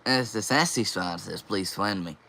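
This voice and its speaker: Casting: young man, live stream host, bright and forward tone, reads chat comments aloud and replies. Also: on the low side, moderate pace, gravelly, a little hiss or hum. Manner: reads viewer comments aloud and answers them.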